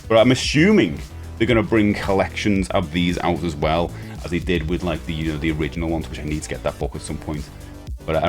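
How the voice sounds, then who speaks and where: A man, chatting casually and enthusiastically while unboxing a collectible toy, rambling with frequent restarts. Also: deep voice. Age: 40s.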